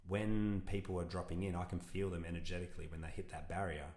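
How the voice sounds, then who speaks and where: A man's voice: sits low, flat delivery, fast, darkish tone, reverberant. A man, a podcast guest talking earnestly and reflectively in a casual interview, rambling with restarts. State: emotional.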